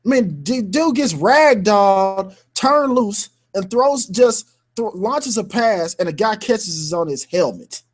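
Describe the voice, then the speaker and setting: A man's voice: high voice, animated, unhurried, few pauses. A man co-hosting a sports radio show, ranting heatedly in slang-filled talk with bursts of laughter.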